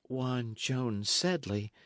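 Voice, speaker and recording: A man voicing a timid, gentle young runaway who pleads softly and anxiously in an old-fashioned storybook tale. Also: mid-range voice, lively intonation, drawn-out words, dry recording, studio quality. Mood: pleading. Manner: soft, anxious, imploring.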